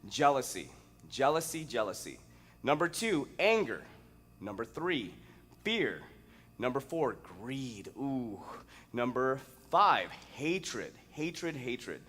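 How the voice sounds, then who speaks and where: A man coaching fitness who gives an energetic, emphatic motivational talk, drawing out single words and breaking into sudden loud outbursts. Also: medium pitch, slightly rough. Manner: drawn-out, playful stresses on single words.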